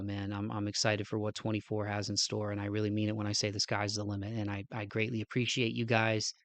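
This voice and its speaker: A podcast host wraps up his show with a casual outro in a lowish voice, with no echo. He sounds nasal and stuffed-up and a little out of breath, rambling earnestly and often throwing in "man."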